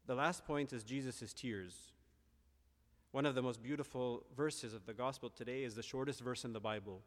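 A priest giving an earnest, reflective homily, pausing and restarting as he preaches. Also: mid-range voice, big-room sound. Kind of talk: sermon.

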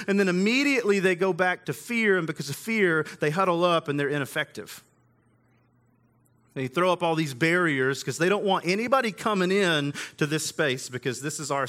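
Man, pastor, high bright voice, casual slangy sermon. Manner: casual conversational preaching with slang.

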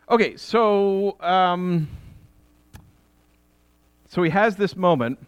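Middle-aged male pastor, sermon, conversational and animated, slightly high voice, dry close sound. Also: takes it slowly, pauses often, no room sound. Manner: conversational preaching with asides and laughter.

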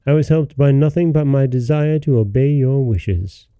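A man's voice: mid-range voice, normal speed, warm tone, smooth, dry recording, natural voice. A man reading as an earnest young envoy.

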